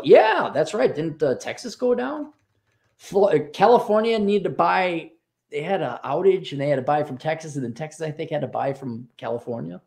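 A man's voice: on the high side, normal speed, creaky. A man from the United States hosting a livestream, reading out paid chat messages and answering them in an offhand, wry way. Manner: offhand, wry, lively commentary.

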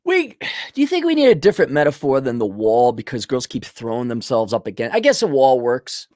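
A man's voice: medium pitch, huge pitch swings, brisk, a little mellow, no room sound, clean studio sound. Sarcastic rambling male podcaster. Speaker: podcast host. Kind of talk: casual livestream commentary.

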